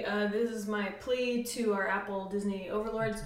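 A woman's voice: medium pitch, fairly even intonation, moderate pace, recorded from a distance. A woman answering as a comedy panelist, hesitant and giggly. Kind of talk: comic improv answers. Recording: echoey room with background noise.

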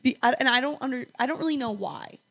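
A woman's voice: sits high, animated, quick pace, a bit bright. A young woman co-hosting a podcast, talking earnestly and reflectively, often correcting herself mid-sentence. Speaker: podcast co-host. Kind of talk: casual chat. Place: apartment.

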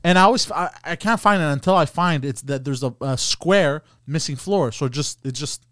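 A man chatting casually on a podcast, halting often and filling pauses with "uh". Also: a little high, a bit bright, no room sound, clean studio sound. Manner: halting, lots of uhs and restarts. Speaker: podcast co-host. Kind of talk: casual chat.

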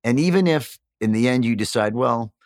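A middle-aged man being interviewed, speaking candidly and reflectively. He often pauses, uses fillers and restarts his sentences as he searches for words. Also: medium pitch, expressive, darkish tone, no room sound, studio quality. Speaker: guest.

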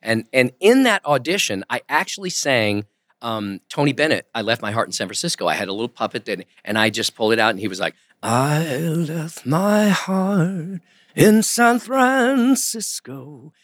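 Animated storytelling man, dry studio sound. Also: fairly low pitch, quick pace, no echo. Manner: animated storyteller, acts out quoted voices. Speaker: guest, ventriloquist and impressionist. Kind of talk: casual interview storytelling. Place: podcast studio.

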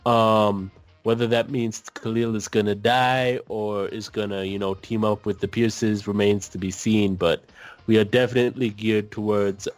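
Blunt, sarcastic low-voiced man. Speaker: podcast co-host. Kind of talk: casual chat.

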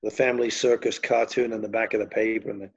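A man's voice: on the low side, flat delivery, fast talker, breathy edge, dull audio. An older man from England with a Liverpool accent, telling long, rambling anecdotes with many fillers as an interview guest. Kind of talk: storytelling interview.

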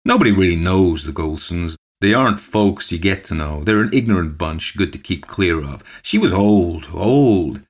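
Old country postmaster, low and soothing, read by a male narrator. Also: normal speed, few pauses. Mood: earnest. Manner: calm, placating, murmuring.

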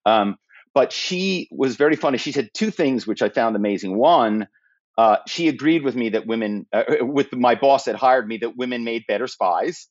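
A man's voice: mid-range voice, normal speed, no room sound. Guy telling spy stories on a podcast, dry slightly muffled sound, mid voice. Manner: animated, slips into put-on accents and quoted voices. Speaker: podcast guest, former corporate spy. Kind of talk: conversational interview storytelling.

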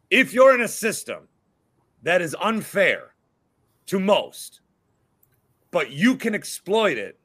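Ranting Midwestern man with a bright voice. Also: fairly high pitch. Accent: Midwestern American. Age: 30s. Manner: profane, animated ranting. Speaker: podcast co-host. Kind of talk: casual sports chat.

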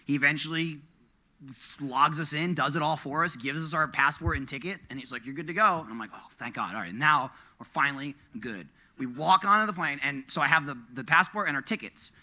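A man casually telling a profane travel story on a podcast, animated and acting out his own panic. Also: fairly high pitch, brisk. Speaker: podcast co-host. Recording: podcast studio mic.

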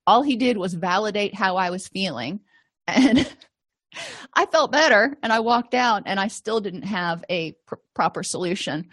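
A woman's voice: mid-range voice, animated, measured pace, fairly bright tone. A woman teaching therapy skills to clinicians in a conversational way, often acting out short sample dialogues. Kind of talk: lecture to clinicians.

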